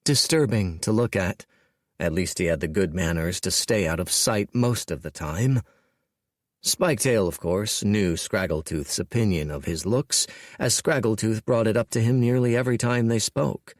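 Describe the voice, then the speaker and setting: A man narrating an audiobook in a measured, wry storytelling manner. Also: fairly low pitch, no room sound, studio quality. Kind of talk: scripted narration.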